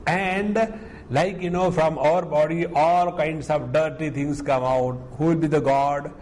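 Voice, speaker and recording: A man with an Indian English accent, a spiritual teacher giving an unhurried scripture discourse, mixing in stories and Sanskrit verses. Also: medium pitch, a little hiss or hum, low-quality recording.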